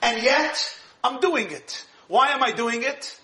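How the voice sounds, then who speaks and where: A man with a notably high, bright voice teaches a Torah lecture. He talks in an animated, emphatic way and laughs often as he explains. The room around him sounds echoey. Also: takes it slowly. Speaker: rabbi teaching Torah class.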